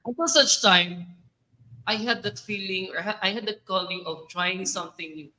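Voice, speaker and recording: Laughing frequently, a young Filipino adult leads a playful, talkative student orientation session, switching between English and local phrases. Their mid-range voice is pushed and bright at a normal speed, captured in a low-quality recording.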